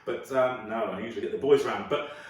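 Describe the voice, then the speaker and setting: A man's voice: medium pitch, fairly even intonation, brisk. A man doing a crude, chatty stand-up comedy set from home. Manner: chatty, crude, swaps into character voices. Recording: echoey room, distant mic.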